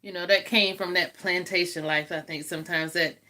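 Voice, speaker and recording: A woman's voice: lowish voice, fairly even intonation, brisk, sharp tone. A woman, chatting casually and laughing often while hosting a livestream from home. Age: 50s. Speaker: livestream host. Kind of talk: casual live chat with viewers.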